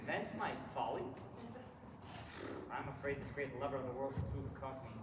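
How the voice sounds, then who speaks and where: A man's voice: mid-range voice, fairly even intonation, brisk, lightly acted. A teenage boy in a school stage play, playing a witty, mocking young jester in a teasing, sing-song way. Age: late teens. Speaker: student actor. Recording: echoey hall from far off, audience noise.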